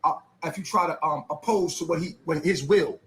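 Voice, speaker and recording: High pitched guy going off, loud and cussing, bragging about himself. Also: brisk. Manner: loud, profane and boastful. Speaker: clip subject. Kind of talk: heated rant.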